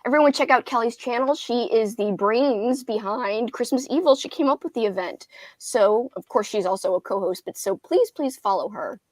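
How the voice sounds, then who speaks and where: Chatty young woman, higher voice. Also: lively intonation, moderate pace, a little mellow, no echo. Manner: chatty, giggly, reads viewer comments aloud. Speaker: booktube livestream host. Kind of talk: casual livestream chat.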